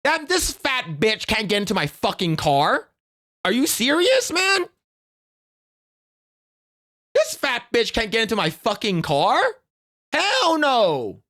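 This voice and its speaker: A man voicing an outraged male rideshare driver who rants in a profane, high-pitched and indignant way. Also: huge pitch swings, measured pace, sharp tone, full character voice.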